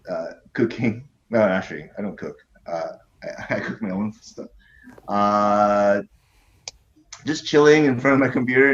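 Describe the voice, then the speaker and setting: Laid-back low-voiced man on a dull call. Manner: laid-back, hesitant, many fillers. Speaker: podcast guest. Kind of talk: casual chat over video call. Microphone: video call.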